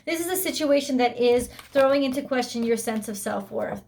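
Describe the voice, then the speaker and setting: Tarot reader, woman, slightly high voice, blunt and emphatic, swears casually. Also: brisk, gravelly, a little mellow. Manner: blunt and emphatic, swears freely, voices the listener's inner thoughts. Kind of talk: weekly tarot reading.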